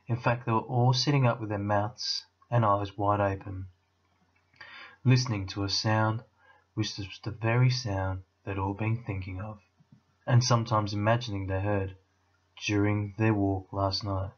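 A man, a teacher, reading a children's novel aloud with expressive storytelling. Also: on the low side, a little slow, lo-fi sound.

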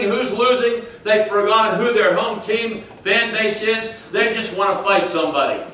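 A man's voice: high voice, bright, forceful tone. A male pastor preaching a sermon, talking in a conversational way and questioning the congregation. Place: church sanctuary. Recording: echoey church room from far off.

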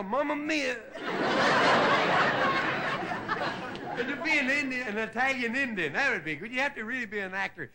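High, lively man chuckling through a comedy monologue. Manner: chuckles at his own jokes, switches into quick character voices. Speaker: comedian host. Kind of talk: stand-up monologue on a TV variety show. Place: TV studio stage before a live audience. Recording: loud hiss on a 1960s TV broadcast.

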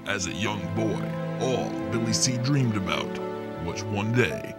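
A man playing a solemn movie-trailer narrator with a slow, dramatic delivery. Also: on the low side, expressive. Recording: loud music underneath.

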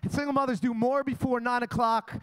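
High-pitched brash man doing crude stand-up. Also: steady tone, fairly quick, a bit bright, smooth. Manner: brash, crude, boastful storytelling. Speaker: stand-up comedian. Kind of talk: live stand-up comedy set. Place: comedy club.

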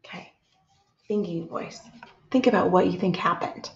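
A woman teaching a reading lesson to young children, reading aloud slowly and gently and stopping to ask them questions. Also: lowish voice, gravelly. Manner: slow, gentle, asks children questions and pauses. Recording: echoey, dull lo-fi room sound.

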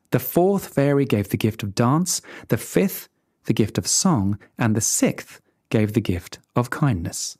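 A storyteller reading a classic fairy tale aloud for English learners. The delivery is expressive, with a lively, swinging pitch and an animated, storybook feel. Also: husky, dry recording, studio quality.

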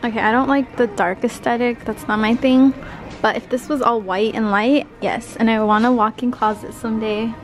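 A woman's voice: on the high side, fairly even intonation, normal speed, faint music behind. A young woman vlogging in a furniture store, talking to the camera in a chatty and playful way. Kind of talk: casual vlog chat.

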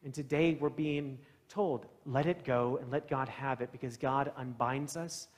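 A man preaching a sermon as pastor, retelling a gospel story in a conversational, animated way and voicing its characters with sudden loud bursts. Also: medium pitch, measured pace, long reverb tail. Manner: conversational, plain-spoken preaching. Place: church sanctuary.

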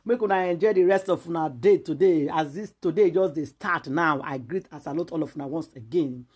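A woman's voice: low-pitched, a little fast, a little mellow, breathy edge. A Nigerian woman giving emphatic gossip commentary as a vlogger, lecturing her viewers in a preachy, repetitive way.

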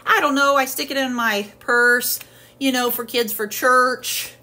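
In her kitchen, a woman talks casually through a home haul, rambling and leaning on fillers as she goes over her products. Her high voice is steady in tone, unhurried, and sounds pushed and bright.

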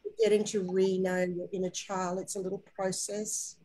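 Soft-spoken woman leading a healing session, slow and coaxing, calls you darling. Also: mid-range voice, flat delivery, poor audio. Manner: soft, slow, coaxing guidance with gentle endearments. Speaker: spiritual healer guiding a session. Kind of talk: guided inner-child healing session.

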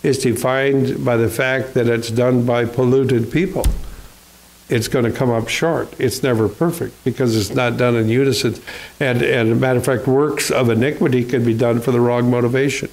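A man of ordinary pitch preaching from the pulpit, reading old-fashioned scripture aloud and pausing to put rhetorical questions to his listeners. His delivery is halting, full of small restarts as he works through his points. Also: fairly even intonation, a little mellow, a little hiss or hum, rough recording. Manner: reads scripture aloud in King James wording. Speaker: pastor. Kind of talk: sermon.

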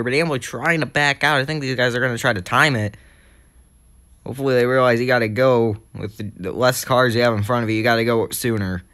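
A young man with a scratchy throat calling a video game race, getting excitable as the crashes pile up. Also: mid-range voice. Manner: excitable, rising to shouts at crashes. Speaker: race commentator.

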